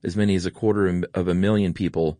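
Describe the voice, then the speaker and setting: A man's voice: low-pitched, fairly even intonation, quick pace, dark tone, no room sound, studio quality. A man co-hosting a podcast in casual chat, joking and telling rambling personal stories. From Atlanta area, US. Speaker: podcast co-host.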